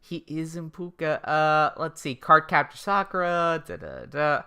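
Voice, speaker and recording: A woman co-hosting a casual podcast chat, excitable and swearing freely as she thinks aloud. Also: deep voice, measured pace, gravelly, clear, resonant tone. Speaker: podcast co-host.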